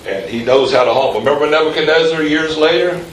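A man's voice: on the high side, fast talker. A pastor in mid-sermon, talking casually and then building to emphatic peaks, throwing questions out to the pews. He is picked up from some distance in an echoey room, with a faint hum of ambience behind him. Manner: conversational, rising to emphatic peaks, quizzing the congregation.

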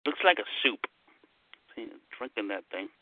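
A man's voice: lowish voice, animated, moderate pace, dry recording, phone-quality sound. A man chatting on an online group call, rambling and joking with the others. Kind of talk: casual group chat.

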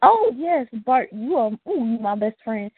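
Woman host teasing callers, slightly husky voice, phone line sound. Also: a little high, very animated, normal speed, no room sound. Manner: playful, teasing banter. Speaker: radio show host. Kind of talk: casual call-in show hosting.

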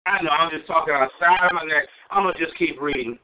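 A man preaching a sermon, swinging between high exclamations and low asides and repeating phrases for emphasis. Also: fast talker. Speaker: pastor. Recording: tinny phone-line sound.

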